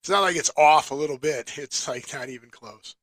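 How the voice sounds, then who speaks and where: Bright, needling male podcast co-host. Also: on the high side, a little fast, no echo. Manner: teasing, keeps pressing with questions. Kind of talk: casual chat.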